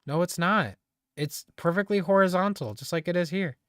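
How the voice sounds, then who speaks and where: A live streamer in casual chat with viewers, excitable, laughing often and teasing the chat. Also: mid-range voice, normal speed, no echo, studio quality.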